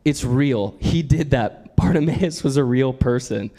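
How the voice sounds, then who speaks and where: A man's voice: medium pitch, a little slow, warm tone. A man preaching a sermon in an earnest, conversational way, often laughing as he talks.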